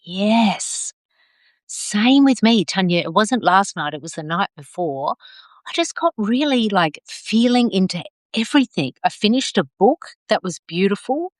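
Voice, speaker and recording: A middle-aged woman leading a live video circle, gentle and affirming, drawing out her phrases as she reads out comments. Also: medium pitch, lively intonation, measured pace, dry recording, clean studio sound. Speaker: circle facilitator.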